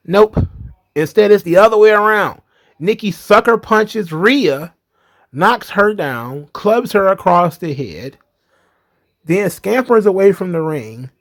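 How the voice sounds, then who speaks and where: Brief: man ranting about wrestling, blunt and profane, slightly high voice. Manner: blunt, exasperated, swears freely. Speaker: wrestling commentary host. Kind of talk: casual profane commentary.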